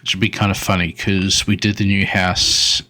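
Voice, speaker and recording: A man's voice: low-pitched, little pitch movement, moderate pace, sharp tone. A man giving solo gameplay commentary, muttering to himself and talking to the game as he plays. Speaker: gaming video creator.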